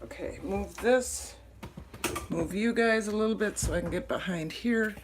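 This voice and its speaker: A woman from Minnesota hosting a casual live cooking stream from her small home kitchen, chatty, rambling and quick to apologize. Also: medium pitch, slight background noise, low-quality recording. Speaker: cooking livestream host. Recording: kitchen clatter of dishes and pans.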